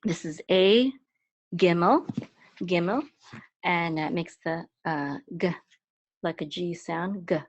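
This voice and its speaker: A woman teaching Hebrew letters step by step, patient and explaining with fillers, breaking into high chanting for words. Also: takes it slowly, pauses often, dry recording. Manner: chants words in a much higher, louder voice. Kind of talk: step-by-step Hebrew reading lesson. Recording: dry, dull lo-fi sound.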